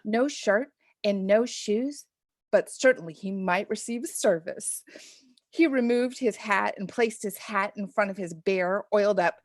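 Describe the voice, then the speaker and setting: A woman reading her own deliberately awful first chapter aloud, with a sly, mock-breathless comic delivery. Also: medium pitch, no echo, studio quality. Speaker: guest author reading a parody chapter.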